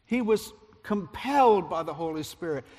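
A male pastor delivers a storytelling sermon in a somewhat high voice, growing loud at the dramatic points and dropping soft at the tender ones. His words ring out with the long reverb of a large church sanctuary. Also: normal speed. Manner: animated storyteller, loudness rising and falling with the story.

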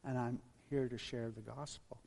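A man's voice: mid-range voice, fairly even intonation, normal speed, creaky, dark tone. A man voicing a nervous, doubting missionary who stammers and hesitates. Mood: anxious. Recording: long hall reverb.

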